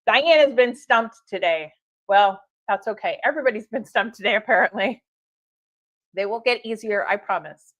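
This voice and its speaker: A woman's voice: medium pitch, moderate pace, a bit bright, no room sound. A woman hosting a live stream for her tea shop, talking in a chatty, upbeat way with fillers and laughs. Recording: dull lo-fi stream audio.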